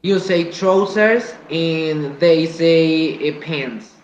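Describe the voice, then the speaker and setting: Man, student, slow and halting, fairly high voice, roomy muffled call with faint noise. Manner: hesitant, halting learner speech. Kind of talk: online class. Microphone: video call.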